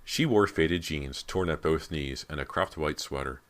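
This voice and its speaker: Very deep-voiced male narrator. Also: moderate pace, fairly bright tone. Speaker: audiobook narrator. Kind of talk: scripted narration.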